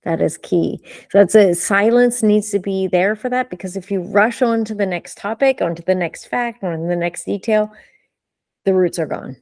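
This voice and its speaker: A woman coaching a live online session on speaking, animated and emphatic, asking rhetorical questions and slowing down for emphasis. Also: medium pitch, dry recording, clean studio sound.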